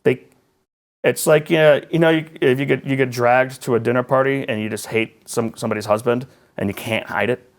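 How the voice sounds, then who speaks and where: A man, a political journalist talking as a guest in a conversational interview, animated and rambling with sarcastic asides. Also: medium pitch, fairly quick.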